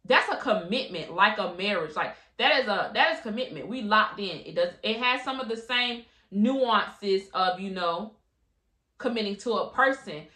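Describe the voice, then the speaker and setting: A woman's voice: medium pitch, expressive, normal speed, sharp tone, roomy sound. A woman in her late twenties hosting a podcast, talking in a chatty, slangy, candid way. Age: late 20s. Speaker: podcast host. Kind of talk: casual solo podcast chat.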